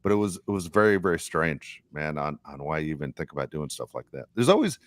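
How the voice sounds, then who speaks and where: Deep-voiced middle-aged man telling stories. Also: brisk, dry recording, studio quality. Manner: animated storyteller, acts out quotes. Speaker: podcast co-host. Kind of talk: casual sports chat.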